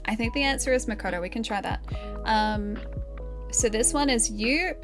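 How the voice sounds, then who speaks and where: A woman's voice: fairly high pitch, moderate pace, music in the background. An Australian woman streaming live, casually thinking aloud and chatting with her viewers.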